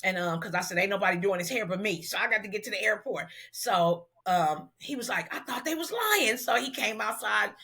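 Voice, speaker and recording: A middle-aged woman from Los Angeles tells a long personal story as an interview guest. Her voice comes across bright and forceful, and she acts out the voices of the people in it. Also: medium pitch, brisk, creaky, few pauses. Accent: Southern California African American Vernacular. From Los Angeles, USA. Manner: animated storyteller who acts out quoted dialogue. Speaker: guest, celebrity hairstylist.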